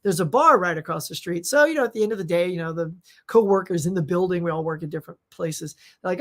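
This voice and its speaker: A middle-aged woman hosting a casual live Q&A, telling rambling, animated stories with many fillers while losing her voice. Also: fairly low pitch, fast. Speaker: host.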